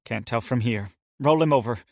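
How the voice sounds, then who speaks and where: A man's voice: medium pitch, moderate pace, gravelly, no room sound, studio quality, lightly acted. Male narrator as a guarded woman doctor, curt and businesslike. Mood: brisk. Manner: curt, practical. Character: wary, brisk woman doctor.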